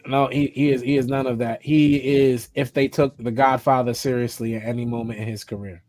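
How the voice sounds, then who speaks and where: A man's voice: medium pitch, steady tone, fairly quick, a little mellow. A man co-hosting a casual wrestling podcast, giving blunt, opinionated takes. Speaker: podcast co-host.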